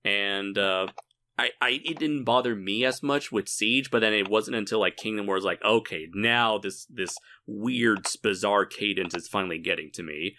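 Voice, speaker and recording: A man with a lowish voice and a bright, edgy tone leads a casual group review. He talks haltingly, piling on fillers and restarts as he searches for words. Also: a little hiss or hum. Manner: hesitant, filler-heavy.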